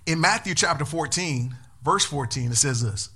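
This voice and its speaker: A man pastor preaching a sermon in an animated way, calling on the congregation to respond. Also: a little high, normal speed, gravelly, few pauses, breathy edge.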